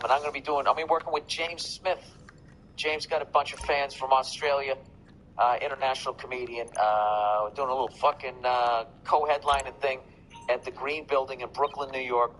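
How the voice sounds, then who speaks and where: A man's voice: medium pitch, fairly bright tone, a little hiss or hum, rough recording. Profane, rambling male podcast comedian. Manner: profane, sarcastic, self-interrupting. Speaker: podcast host and stand-up comedian.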